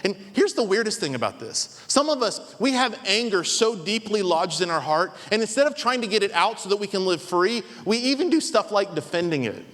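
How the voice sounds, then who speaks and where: Animated pastor with a high voice. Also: male voice, fairly quick, few pauses. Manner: animated, acts out voices in his stories. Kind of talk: storytelling sermon. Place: large church hall. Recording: long hall reverb.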